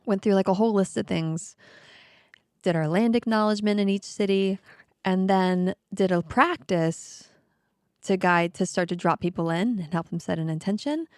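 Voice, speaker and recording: Brief: woman with gravelly fry, chatty storyteller, dry close sound. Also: medium pitch, moderate pace, dry recording. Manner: recounts events with many "like" fillers. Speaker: yoga teacher and ceremony guide. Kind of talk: casual storytelling chat.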